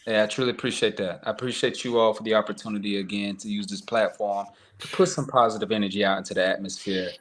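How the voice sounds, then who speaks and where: A man's voice: lowish voice, steady tone, fast talker, few pauses, a bit bright. A man speaking as a guest on a live-streamed interview, talking earnestly with plenty of "um" and "you know" fillers.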